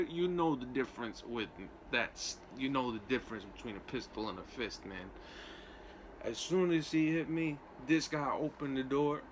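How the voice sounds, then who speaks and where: A man's voice: mid-range voice, fairly bright tone, a little hiss or hum. A young man tells a story in a loose, streetwise way and keeps dropping in "man" and "you know". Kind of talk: casual storytelling.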